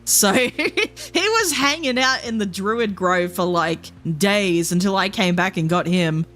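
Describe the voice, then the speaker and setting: A woman's voice: mid-range voice, lively intonation, measured pace, a bit bright, faint music behind. A woman streamer chatting casually, laughing often, swearing, and mimicking characters as she tells stories. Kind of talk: casual live-stream chat.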